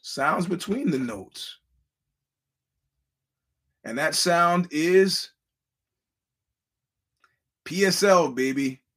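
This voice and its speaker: A man's voice: on the high side, animated, extremely slow, long pauses, fairly bright tone, breathy edge. A man hosting a podcast, telling a story in a rambling, casual monologue and acting out the quoted voices. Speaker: podcast host.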